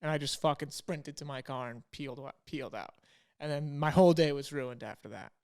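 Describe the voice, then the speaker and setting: A man's voice: on the high side, fairly quick, smooth. A young man, a podcast co-host, telling a story in casual chat and acting out the dialogue. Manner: animated, quotes himself and others in dialogue.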